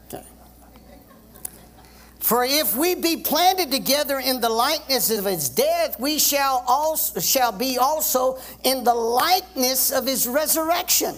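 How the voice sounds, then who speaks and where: Slow, high-pitched preaching man. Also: expressive, a bit bright. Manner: emphatic, has the congregation repeat phrases aloud; reads scripture aloud and explains it. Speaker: pastor. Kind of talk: sermon.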